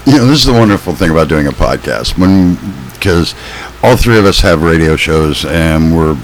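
A man's voice: rumbling low, lively intonation, normal speed, a little hiss or hum, poor audio. A man co-hosting a casual fishing podcast, rambling with restarts and frequent laughs. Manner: rambling, self-interrupting, laughs often. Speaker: podcast co-host.

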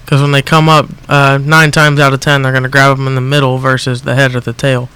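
Bright, smooth-voiced young angler. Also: male voice, medium pitch, flat delivery, fairly quick. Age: young adult. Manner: easygoing, practical. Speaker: guest angler. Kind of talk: casual talk-show chat.

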